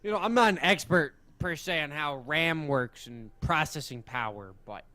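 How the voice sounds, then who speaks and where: High-voiced joking male esports caster. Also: moderate pace, sharp tone. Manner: dry, joking banter. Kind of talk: casual esports commentary.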